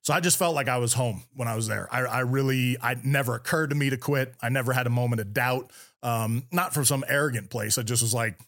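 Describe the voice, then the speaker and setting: A middle-aged man from California, a podcast guest and former military officer, telling stories in an energetic interview with frequent restarts. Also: medium pitch. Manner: fast, energetic storytelling with repeated words and restarts. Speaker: podcast guest, former Navy SEAL commander. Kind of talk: storytelling interview talk.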